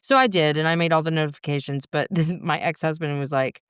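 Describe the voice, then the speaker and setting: A woman's voice: sits low, quick pace, smooth, dry recording, clean studio sound. A middle-aged woman talking as a podcast guest, telling her story frankly, swearing freely and laughing through hard moments. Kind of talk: candid conversational storytelling.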